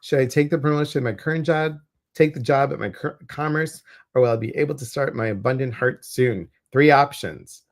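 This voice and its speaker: A talkative male co-host goes through viewer questions and oracle cards during a relaxed livestream. Speaking briskly at a middle pitch, he stays loose, tossing in teasing remarks and groan-worthy dad jokes.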